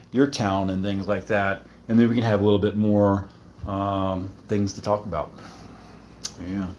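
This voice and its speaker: A man's voice: fairly low pitch, darkish tone, a little hiss or hum. A man hosting a casual livestream, joking and rambling with lots of fillers while a bit drunk. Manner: rambling, joking, tipsy banter with frequent fillers. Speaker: livestream host.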